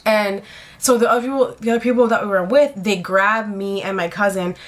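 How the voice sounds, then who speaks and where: A woman's voice: mid-range voice, fairly even intonation, brisk. A young woman in her twenties telling a story to the camera in a casual, rambling way, full of "like" and freely swearing. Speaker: vlogger.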